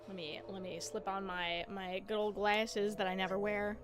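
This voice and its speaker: A woman streamer chats casually and playfully while gaming, giggling often and stumbling over tongue twisters. Her voice is medium-pitched with little pitch movement, at a normal speed, with background music playing.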